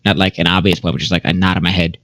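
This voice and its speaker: Man, tabletop player, casual, swears a lot, lowish voice, dry sound. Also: flat delivery, racing, fairly bright tone, no room sound. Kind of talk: casual tabletop game chat.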